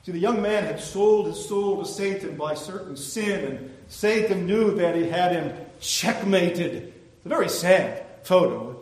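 A man preaching a sermon, telling stories and breaking into loud, impassioned exclamations. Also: high voice, lively intonation, a little slow.

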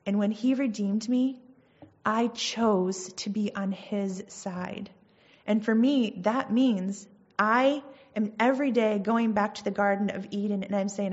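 A woman who counsels gives a conversational sermon. She tells personal stories with lively energy and acts out her own quoted lines. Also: medium pitch, measured pace, highs cut off. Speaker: Christian speaker and counselor.

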